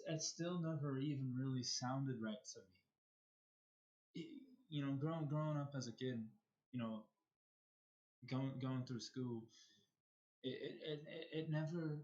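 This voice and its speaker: A man's voice: medium pitch, muffled recording. An American man casually telling a personal story on a live stream, stumbling and repeating words as he goes. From United States. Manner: halting, repeats words and restarts often.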